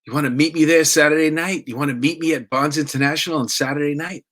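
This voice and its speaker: A man's voice: on the high side, fairly even intonation, quick pace, a bit bright. A man voicing an eager teenage boy who keeps repeating his invitation.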